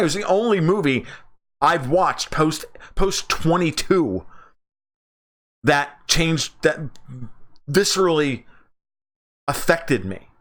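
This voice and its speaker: A man in his forties hosting a livestream, talking about movies in a casual, profane, emphatic way, often restarting and jumping up in pitch when excited. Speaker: livestream host.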